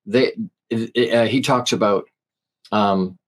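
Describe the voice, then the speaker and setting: Earnest, halting man with a lowish voice. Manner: halting, with many restarts and fillers; earnest, spiritual storytelling. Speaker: podcast guest. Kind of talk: casual conversation.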